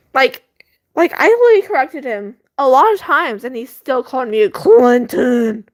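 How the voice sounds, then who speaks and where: Teen girl vlogger, high-pitched, slow rambling delivery, giggly. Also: no room sound. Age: teens. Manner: rambling, giggly, lots of fillers. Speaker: student vlogger. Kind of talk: casual chat. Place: bedroom at home.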